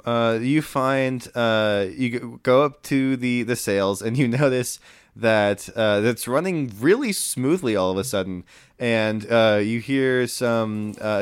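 A man narrating as game master in a tabletop game, relaxed and full of fillers. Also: lowish voice, clean tone, no room sound.

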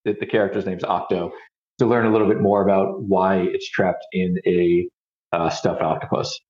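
Low-voiced man in an echoey room. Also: normal speed, muffled recording. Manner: relaxed, thoughtful, with fillers. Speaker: podcast co-host. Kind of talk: casual comic book discussion.

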